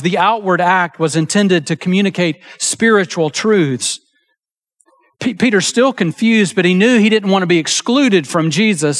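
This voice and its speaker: A pastor preaching a sermon in an earnest, emphatic way, slowing down to stress key phrases and acting out quoted lines. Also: male voice, fairly high pitch.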